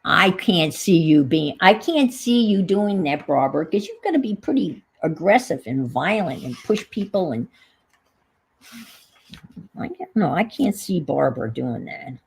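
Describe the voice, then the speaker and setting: A woman's voice: on the low side, sing-song, a little slow, gravelly, breathy edge, low-quality recording. A middle-aged woman with a New England accent, chatting casually on a livestream, reminiscing and reading viewer comments aloud. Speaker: livestream host.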